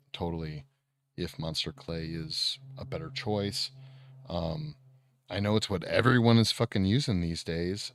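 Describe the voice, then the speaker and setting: A man with a very deep voice chats casually on a live stream, loose and profane, with lots of fillers. The sound is dry and close. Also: vocal fry, no echo. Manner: relaxed, profane, rambling with fillers.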